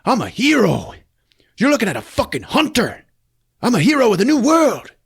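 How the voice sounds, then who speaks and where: A man voicing an unhinged male cult gunman, yelling high and frantic in a comedic podcast recap. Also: huge pitch swings, normal speed, gravelly, husky, full character voice. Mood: ranting.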